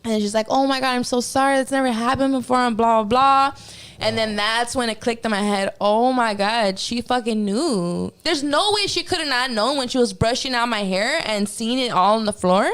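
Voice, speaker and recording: A woman sits as a podcast guest and tells a story in loose, casual talk. She swears freely and acts out her own gasps and reactions. Her voice sits a little high. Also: moderate pace, a bit bright, clear, resonant tone.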